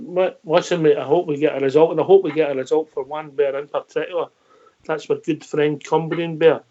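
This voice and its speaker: A man hosting a fan radio phone-in, greeting callers in a friendly way and calling them mate. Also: on the high side. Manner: friendly, calls people mate. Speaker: host. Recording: dull lo-fi audio.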